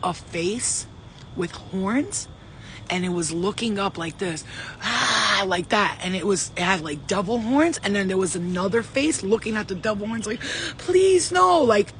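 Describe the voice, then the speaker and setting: A man with a notably high-pitched voice talks straight to his viewers in a loose, rambling vlog. He swears freely and gets excitable, jumping from one story to the next. A faint hum of background noise sits under his voice. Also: low-quality recording. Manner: profane, rambling, excitable, talks in quick digressions. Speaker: spiritual channeler and vlogger. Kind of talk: casual rambling monologue.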